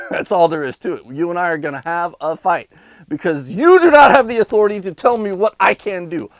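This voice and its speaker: A man's voice: high voice, lively intonation, brisk, dry recording, low-quality recording. A man delivering an angry, sarcastic rant to his viewers, insulting them between bitter laughs. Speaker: vlogger. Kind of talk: angry ranting monologue.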